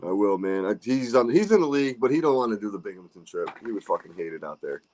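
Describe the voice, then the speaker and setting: A man's voice: fairly low pitch, sing-song, fast, a little mellow, slight background noise. A man hosting a casual golf podcast, talking loosely with friends, swearing and laughing. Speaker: podcast host. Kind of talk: casual chat.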